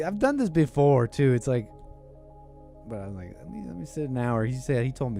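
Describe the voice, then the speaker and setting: A man hosting a call-in podcast tells a rambling story in casual talk-show style, laughing and frequently cutting himself off mid-sentence. His medium-pitched voice is animated, fast and darkish with vocal fry, and faint music plays in the background.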